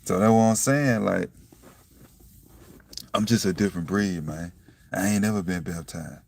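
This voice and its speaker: A young man with a low, gravelly voice, a self-styled preacher vlogger, gives a casual, blunt spiritual monologue at a moderate pace, swearing freely, asking "you see what I'm saying," and now and then bursting into loud laughter. The recording is dry with no echo and picked up some distance from the mic.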